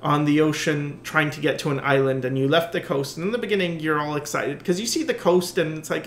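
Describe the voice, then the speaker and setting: A slightly higher-voiced man hosts a relaxed podcast chat. He muses out loud, wanders off his point, and fills the gaps with ums and uhs. His voice rings with a noticeable roomy echo. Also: brisk, few pauses, slight background noise. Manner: rambling, musing with many fillers. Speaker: podcast host. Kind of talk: casual conversation.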